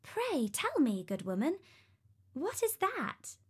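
Headstrong young princess, played by a woman: high, excited, curious, storybook reading. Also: slow pace, heavily acted. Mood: eager. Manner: bright, eager, high and excited.

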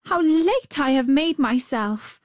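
A woman voicing an eager, anxious little girl in a fairy tale reading, with high, breathless exclamations. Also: animated, slow pace, dry recording, clean studio sound.

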